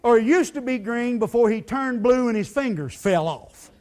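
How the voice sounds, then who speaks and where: Male pastor, sermon, high voice, lively swings, lots of fillers, folksy storytelling. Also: normal speed. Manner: animated storytelling with frequent "you know" fillers. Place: church sanctuary.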